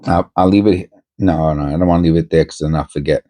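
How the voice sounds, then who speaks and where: A man's voice: rumbling low, fairly even intonation, fast talker, mellow. A man hosting a coin-hunting channel, talking casually and rambling with many restarts and self-interruptions. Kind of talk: casual commentary to camera.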